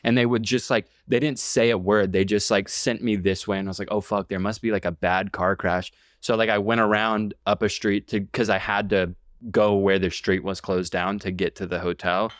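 Young male podcast co-host, lowish clean voice, loose rambling delivery full of fillers. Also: fairly even intonation, normal speed, few pauses, no room sound, clean studio sound. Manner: rambling, filler-heavy, swears. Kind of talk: casual chat.

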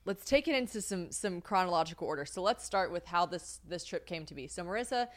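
A woman's voice: on the low side, lively intonation, fast. A young woman co-hosting a podcast in casual chat, rambling, swearing freely and laughing often. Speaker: podcast co-host.

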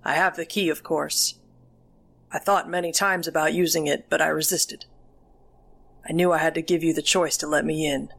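A woman voicing a creepy old grandfather in a horror audiobook, speaking low, soft and falsely sweet. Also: steady tone, normal speed, vocal fry, exaggerated voice. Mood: sickly sweet.

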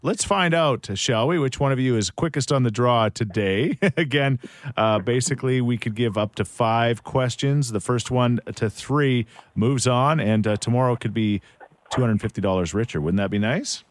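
A man's voice: medium pitch, normal speed, no room sound. A man co-hosting a radio podcast, chatting casually and running a call-in quiz game, playful and often laughing.

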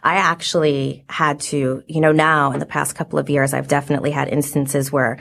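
A woman's voice: deep voice, flat delivery, a little fast, creaky, a bit bright. A woman in her forties, a podcast guest telling stories in casual chat, full of "like" fillers. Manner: chatty storyteller, many "like" fillers.

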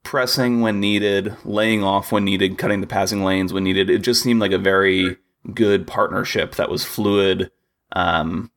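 Low gravelly man chatting about football. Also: fairly even intonation, measured pace, fairly bright tone. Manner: rambling, hesitant, many fillers and restarts. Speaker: podcast co-host. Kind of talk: casual sports chat.

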